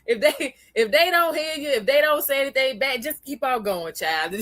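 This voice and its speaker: A woman's voice: high-pitched, animated, normal speed, fairly bright tone, no room sound. A woman hosting a casual livestream, chatting with viewers, greeting them by name and laughing often. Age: adult, parent of a young child. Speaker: livestream host.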